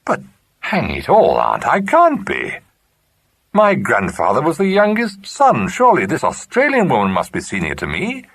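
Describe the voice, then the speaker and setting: A man's voice: mid-range voice, huge pitch swings, moderate pace, creaky, a bit bright, husky, no room sound, pitched above the performer's own voice, heavily acted. A man voicing an eager, helpful young man speaking to his great-aunt. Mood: earnest. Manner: eager, accommodating. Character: young adult man, good-natured and helpful great-nephew.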